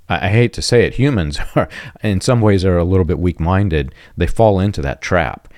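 A man with a very low, deep voice speaks in an earnest, emphatic way, circling back to repeat his key points. The sound is close and dry, with no room around it. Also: darkish tone, no room sound. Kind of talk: conversational commentary on religion.

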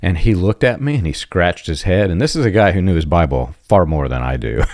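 A man's voice: low-pitched, lively intonation, a little fast, hardly any pauses, a little mellow, dry recording, studio quality. A man talking earnestly about religious teaching, emphatic and given to repeating his main points. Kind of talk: conversational commentary on religion.

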